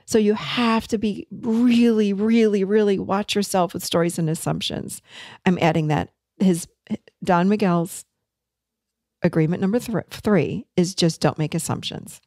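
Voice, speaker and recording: A woman's voice: mid-range voice, unhurried, a little mellow, no echo, studio quality. A woman hosting a podcast, talking to listeners in an earnest, conversational way about personal growth. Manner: earnest, conversational, acts out remembered dialogue. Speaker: podcast host. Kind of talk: casual teaching monologue.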